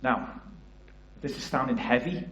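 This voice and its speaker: A man's voice: medium pitch, expressive, measured pace, fairly bright tone, echoey room, a little hiss or hum, low-quality recording. A man with a Liverpool area English accent giving a passionate church talk about youth work, often asking the audience questions. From England. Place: church hall.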